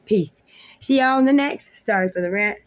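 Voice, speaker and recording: At a moderate pace and with noise in the background, a woman of medium pitch rants into the camera from home. She's a vlogger and a mom, and her video monologue is heated, profane, and aimed squarely at someone.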